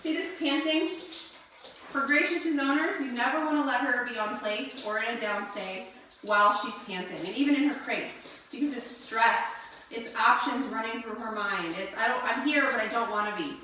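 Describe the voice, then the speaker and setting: A woman's voice: on the high side, moderate pace, a little hiss or hum. A woman dog trainer explaining drills and giving short commands to a dog during an indoor training demo. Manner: explains calmly, then gives short crisp commands to a dog. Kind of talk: instructional demonstration. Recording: very echoey room, voice far from mic.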